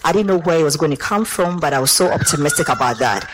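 Excited Ghanaian woman giving testimony. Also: low-pitched, fast, noisy background. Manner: animated, switching between English and Twi, rising to shouts. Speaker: church member giving a testimony.

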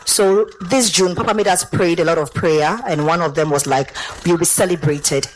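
A woman with a Ghanaian accent giving an animated church testimony, slipping between English and Twi. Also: lowish voice, normal speed, a little hiss or hum, low-quality recording.

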